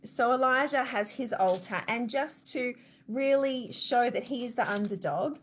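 A woman with an Australian accent giving a church devotional, retelling a Bible story in a lively, conversational way and speaking straight to her listeners. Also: fairly high pitch, unhurried, slight background noise.

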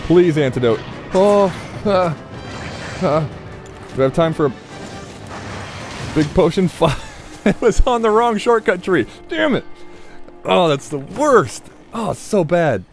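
A man's voice: a little high, lively intonation, moderate pace, long pauses. Chatty man swearing over game music. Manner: chatty, swears often, talks to the monster. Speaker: gameplay commentator. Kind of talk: casual let's-play commentary.

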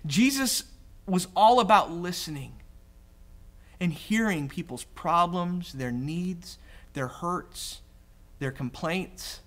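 A man's voice: high-pitched, lively intonation, slow pace, pauses often, a bit bright. A male pastor giving a casual, conversational sermon, joking at his own expense and acting out the people in the story. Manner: conversational, self-deprecating, voices quoted characters. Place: church.

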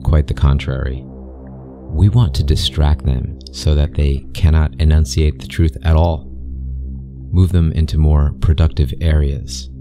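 A man voicing a mysterious male interviewer speaking through a speaker, calm, polite and cold, with an accent that is neither British nor American. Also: very deep voice, a little slow, over music. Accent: unplaceable accent, neither British nor American.

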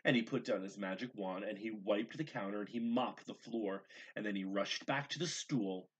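A man teacher reading a picture book aloud to young children, gentle and expressive, adding asides about the pictures. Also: fairly low pitch, normal speed, husky, muffled recording. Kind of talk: read-aloud storytelling.

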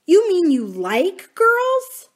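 A woman voicing a bossy, defiant tomboy girl in a storybook reading, with a sharp, scornful child voice. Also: extremely high pitch, huge pitch swings, extremely slow, voice pushed up, heavily acted.

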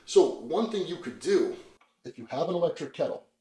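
A man hosting a casual video, explaining things in a relaxed, chatty way with lots of fillers, speaking in a kitchen. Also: a little high, moderate pace, reverberant, rough recording. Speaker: vlog host. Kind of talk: casual demonstration.

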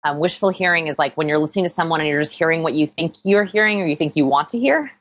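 A woman's voice: low voice, quick pace, fairly bright tone. A woman guest in a conversational interview, explaining with upbeat energy and self-deprecating humor. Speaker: interview guest, people-skills researcher.

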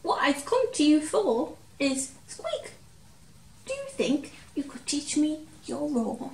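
A woman puts on a tiny storybook mouse, a timid little male mouse who is brave at heart, squeaking politely and nervously. The voice sits high and swoops about. It sounds roomy and a little distant from the mic. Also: very animated, slow, creaky, exaggerated voice.

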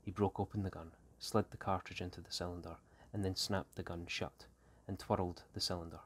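A man, an English teacher, reading a short story aloud in a steady, unhurried way. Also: low voice, husky.

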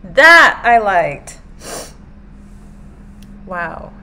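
A woman's voice: mid-range voice, big pitch swings, drawn-out words, pushed and bright. A young woman live-streaming her reaction while reading aloud, emotional and given to swearing and exclaiming.

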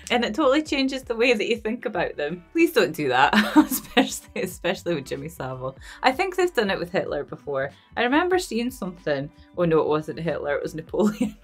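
A woman's voice: lowish voice, very animated, quick pace, few pauses, faint music behind. Giggly rambling young woman host. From Scotland. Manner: giggly, rambling, keeps breaking into laughter. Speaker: movie reaction host. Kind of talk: casual post-movie chat.

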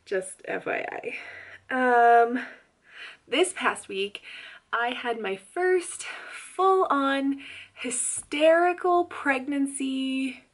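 A young woman telling a story to her vlog camera in a chatty, animated way, laughing often and saying "like" a lot. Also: sits high. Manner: animated and loud. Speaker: pregnancy vlogger.

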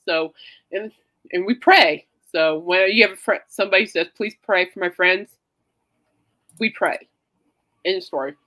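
A woman hosting a casual podcast, tearful and halting as she talks and leads a prayer, trying not to cry. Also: on the low side, sharp tone, poor audio. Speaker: podcast host. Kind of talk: casual chat and spoken prayer.

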